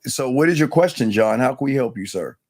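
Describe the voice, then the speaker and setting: Hosting a live call-in show, a man quizzes callers and cuts them off when they ramble, coming across as bossy and impatient. His mid-range voice is animated and fairly quick, captured in clean studio sound with no room echo.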